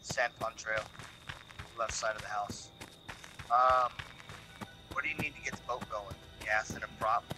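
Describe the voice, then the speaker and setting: A man's voice: lowish voice, unhurried, pauses often, music in the background, poor audio. Man giving brief gameplay callouts. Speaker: teammate on voice chat. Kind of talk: casual gameplay chat.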